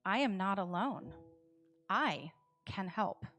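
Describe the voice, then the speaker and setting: A woman giving voice to a gentle, caring woman who speaks softly and slowly to reassure others. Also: mid-range voice, expressive, faint music behind. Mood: earnest.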